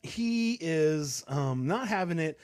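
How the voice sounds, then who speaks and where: A man's voice: on the high side, lively intonation, slow pace, darkish tone, no room sound, clean studio sound. A young man telling a long story on a talk show, casual and rambling, with many fillers and restarts. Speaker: co-host.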